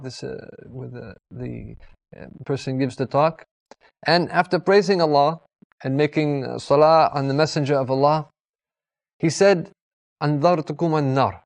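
Man, sermon, earnest, repetitive, slightly high voice. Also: darkish tone. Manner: earnest, repetitive, with pious formulas. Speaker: preacher.

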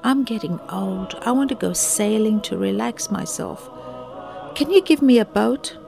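A woman's voice: mid-range voice, expressive, unhurried, gravelly, a little mellow, faint music behind. Woman voicing a boy grown into a weary man. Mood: matter-of-fact.

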